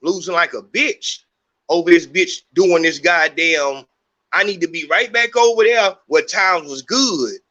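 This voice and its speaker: A middle-aged man hosts a podcast, delivering a heated, profane, rambling unscripted monologue. His voice is fairly high, bright and forceful, unhurried, and the recording has its highs cut off.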